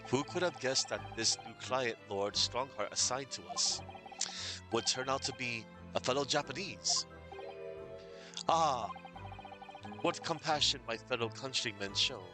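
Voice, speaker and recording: A man voicing an excitable, paranoid male scholar in a game, given to dramatic, alliterative outbursts. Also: medium pitch, a little slow, long pauses, close to an everyday voice. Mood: overjoyed. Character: excitable anxious Japanese male scholar prisoner. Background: game music.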